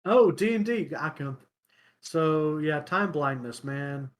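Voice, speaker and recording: A young man hosting a casual podcast chat, telling everyday stories in a halting way, often pausing to search for words. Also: a little high, expressive. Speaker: podcast host.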